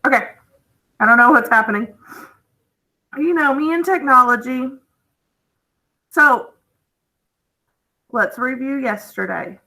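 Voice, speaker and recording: A woman's voice: high voice, pushed and bright, low-quality recording. A woman teaching a phonics lesson online to children, patiently sounding out letters and checking in with "okay?". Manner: sounds out letters and words slowly and clearly.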